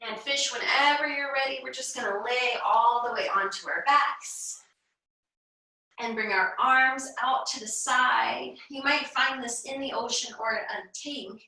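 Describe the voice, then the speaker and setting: A young woman leading a children's yoga class, giving gentle, encouraging, sing-song instructions. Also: high-pitched, unhurried, gravelly, heavy reverb, distant mic, poor audio. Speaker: kids' yoga teacher.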